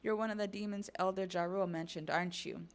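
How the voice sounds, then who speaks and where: A woman's voice: medium pitch, fairly even intonation, fairly quick, lightly acted. A woman voicing a brave young boy standing up to his captor. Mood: defiant. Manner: defiant.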